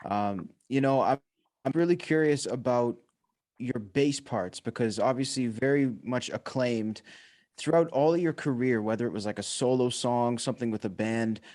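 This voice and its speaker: A man's voice: medium pitch, normal speed, a little mellow. A man hosting a podcast interview, asking earnest questions and chiming in with short affirmations. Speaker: podcast host.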